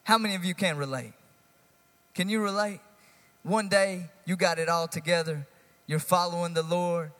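Brief: middle-aged male pastor, slightly high voice, animated sermon delivery, long reverb tail. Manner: animated, conversational preaching with rising emphasis.

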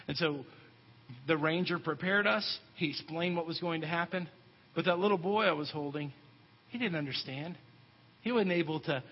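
High-voiced preacher in a reverberant sanctuary. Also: male voice. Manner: drops to soft whispers for quoted words, rises to loud emphatic preaching. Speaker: pastor. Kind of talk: sermon. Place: church sanctuary. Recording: dull sound with long reverb, soft music behind.

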